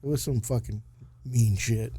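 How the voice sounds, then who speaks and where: A man's voice: mid-range voice, steady tone, moderate pace, mellow, breathy edge, dry recording. A young man co-hosting a podcast, chatting casually in a blunt, profane way. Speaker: podcast co-host. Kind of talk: casual banter.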